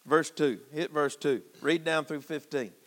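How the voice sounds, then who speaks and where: A man's voice: a little high, a little slow, fairly bright tone, big-room sound. A man preaching an impassioned, folksy sermon to his congregation, calling out to them as he goes. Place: church sanctuary.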